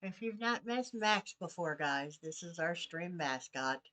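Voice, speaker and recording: A woman's voice: on the low side, lively intonation, a little slow, fairly bright tone. A woman streaming a game, chatting casually and baby-talking to her cat. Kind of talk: casual live-stream chat.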